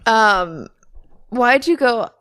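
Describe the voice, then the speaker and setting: A young woman co-hosting a comedy podcast, animated and swearing freely. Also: on the high side, extremely slow, clean tone, no room sound. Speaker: podcast co-host. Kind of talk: casual comedy podcast chat.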